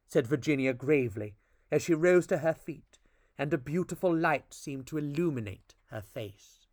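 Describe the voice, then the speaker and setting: Man reading a classic story aloud, fairly high voice, dry close mic, dramatic expressive delivery. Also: normal speed, dry recording. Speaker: podcast storyteller.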